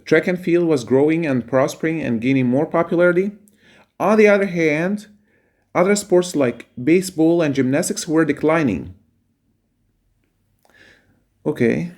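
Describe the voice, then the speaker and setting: A man teaching a reading lesson, reading a passage aloud and explaining its words with pauses and fillers. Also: a little high, a little mellow.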